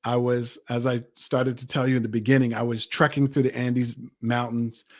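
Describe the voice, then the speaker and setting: A man coaching an audience, telling a personal travel story with animated, acted-out quotes. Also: mid-range voice, normal speed. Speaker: motivational coach. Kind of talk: motivational storytelling talk.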